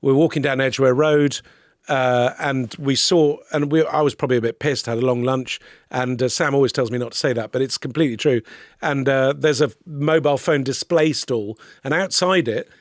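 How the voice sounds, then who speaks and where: A man in a casual podcast chat, telling lively anecdotes full of swearing and asides. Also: medium pitch, normal speed, no room sound, clean studio sound. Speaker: podcast guest, comedian.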